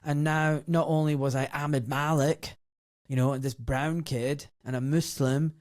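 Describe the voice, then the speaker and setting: A man's voice: a little high, unhurried, no room sound, clean studio sound. Outspoken Scottish man telling stories. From Glasgow, Scotland. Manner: lively and outspoken, acts out quoted voices. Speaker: doctor and former surgeon, interview guest. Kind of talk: candid interview storytelling.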